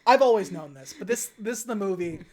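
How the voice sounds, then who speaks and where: A woman's voice: medium pitch, a little fast. Woman on a podcast, casual movie recap, does silly voices for the scenes. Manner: animated, acts out movie scenes in funny voices. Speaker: podcast co-host.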